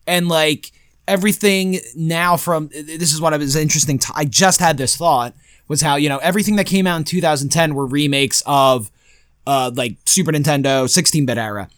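A man's voice: fairly high pitch, fairly quick, fairly bright tone, clean tone, no echo. A man co-hosting a casual podcast, talking conversationally, drifting mid-thought and slipping in dry jokes. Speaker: podcast co-host. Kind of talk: casual podcast chat about video games.

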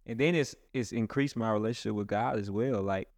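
A low-pitched man, a pastor, talks loosely and earnestly in casual chat, circling back and restarting his sentences. His voice is close and dry, with no room sound at all. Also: brisk, a little mellow, dry recording. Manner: rambling, many restarts and "like"s. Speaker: pastor and host.

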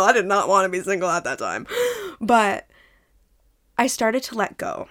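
A woman's voice: on the high side, lively intonation, moderate pace, fairly bright tone. A woman in her twenties hosting her own podcast, talking candidly and chattily in a casual solo monologue, swearing now and then. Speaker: podcast host.

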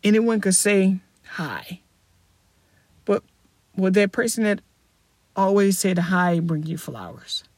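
High-pitched and slow, with long pauses and a dry recording, a young man runs his own relaxed solo podcast. His talk is upbeat and wandering, full of self-corrections and rhetorical questions.

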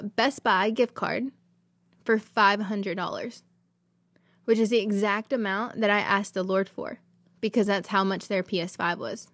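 A woman's voice: medium pitch, dry recording, studio quality. A woman, hosting a podcast and telling a personal faith testimony in an earnest, emotional, rambling way. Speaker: podcast host.

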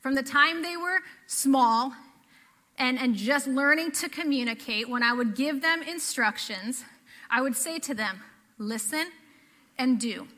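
A woman's voice: sits high, measured pace, pushed and bright, in a large hall. A woman from the Pacific Northwest preaching a sermon to a church congregation, earnest and conversational, often repeating phrases. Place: church sanctuary.

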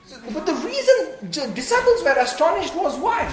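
A woman preaching a sermon, animated and full of rhetorical questions, laughing between phrases. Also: extremely high pitch, brisk, few pauses. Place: church hall. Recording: echoey room.

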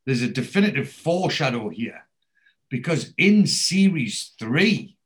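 A podcast host recapping a TV series speaks in a medium-pitched, very animated voice at an unhurried pace. He retells television scenes in a chatty storytelling style, acting out the lines he quotes.

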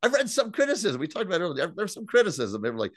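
A man co-hosting a podcast, recapping an episode in casual, profane, animated chat. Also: high voice, very fast, no room sound, studio quality. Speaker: podcast co-host.

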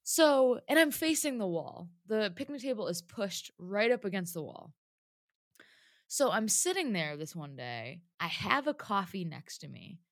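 A woman's voice: medium pitch, unhurried, no echo. Chatty woman telling a story, dry sound. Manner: chatty, lots of "like", animated retelling. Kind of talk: casual storytelling chat.

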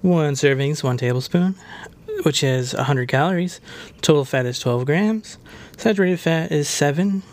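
A man's voice: fairly high pitch, moderate pace. A man hosting his own podcast, reviewing butter in a casual, hammy way and tossing in a jokey put-on Irish "lad". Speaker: podcast host.

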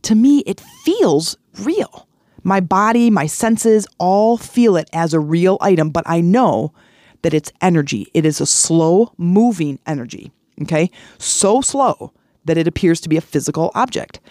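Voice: medium pitch, lively intonation, normal speed, darkish tone, dry recording, studio quality. A middle-aged podcast host giving a casual motivational talk, earnest and chatty, telling personal stories with lots of repeats and restarts.

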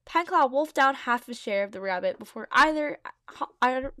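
A woman's voice: a little high, animated, normal speed, bright, forceful tone, no echo, clean studio sound. Giggly young woman reading her old story. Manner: giggly, self-mocking commentary. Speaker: podcast host reading her own old writing. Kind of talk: reading aloud with casual asides.

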